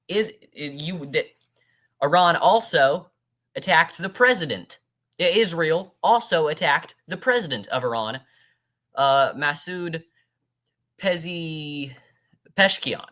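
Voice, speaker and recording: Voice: medium pitch, expressive, takes it slowly, long pauses, fairly bright tone. A political commentator reacting in a heated rant, scornfully talking back to a speaker as if face to face. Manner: ranting, addresses the speaker directly, scornful.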